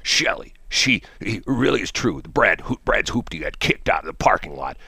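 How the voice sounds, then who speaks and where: A man's voice: sits low, sing-song, normal speed, vocal fry, bright, forceful tone, breathy edge, no echo, studio quality, heavily acted. A man voicing a goofy, rambling caller in a radio bit.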